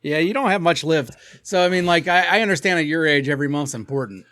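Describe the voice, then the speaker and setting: A man co-hosting a crude comedy podcast, teasing and provocative, dropping low and quiet when he muses. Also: fast, no room sound, studio quality. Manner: teasing, provocative, deadpan jokes. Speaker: podcast co-host. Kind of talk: crude casual chat.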